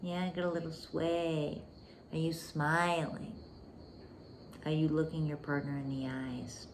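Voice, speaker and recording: A woman's voice: low voice, flat delivery, a little slow, background noise. A woman hosting a relationship podcast, talking intimately and emphatically, calling the listener "baby" and dropping into whispers for emphasis. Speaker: podcast host. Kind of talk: relationship coaching monologue.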